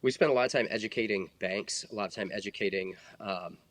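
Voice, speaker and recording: A man's voice: fairly low pitch, fast talker, no echo. A man in his forties, a former federal agent, talking earnestly in a casual podcast conversation with many fillers. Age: 40s.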